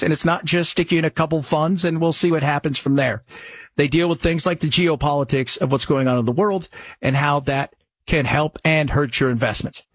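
Rambling talk radio host, husky man. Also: fairly high pitch, dry recording. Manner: rambling, conversational, jumps between topics. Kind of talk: casual radio talk and live reads.

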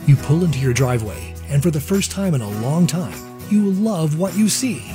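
A man's voice: on the high side, expressive, moderate pace. A man narrating a scripted radio ad in an inviting, picture-painting way. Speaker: ad announcer. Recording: music bed under the voice.

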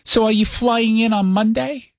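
A man's voice: extremely high pitch, fairly even intonation, moderate pace, no echo, studio quality, voice pushed up. A man doing a nagging New York mom. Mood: prying. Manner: repetitive, wounded, prying questions. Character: nagging older New York mother, fussy.

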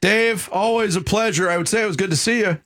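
A man hosting a morning sports radio show, thanking a guest and wrapping up the segment in a lively way. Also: high-pitched, fast. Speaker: radio host.

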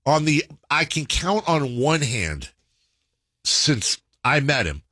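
A man on a podcast tells a story in a loose, rambling way and keeps stopping to correct himself. His voice is bright and lively, with wide swings in pitch. The studio sound is dry and close. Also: slow, no echo. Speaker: podcast host. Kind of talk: casual storytelling chat.

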